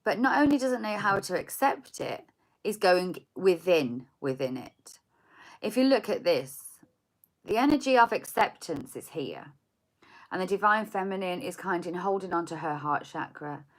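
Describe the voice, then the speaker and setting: Woman, tarot reader, lowish voice, gentle rambling delivery with restarts. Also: animated, moderate pace. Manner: soft, meandering, repeats words while searching for them. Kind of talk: spiritual tarot reading.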